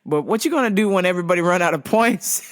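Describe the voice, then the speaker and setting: A woman hosting a casual show, telling stories in a profane, animated way and laughing often. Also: on the low side, fast talker. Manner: animated storytelling, frequent laughter, heavy swearing. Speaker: show host. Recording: voice over background music.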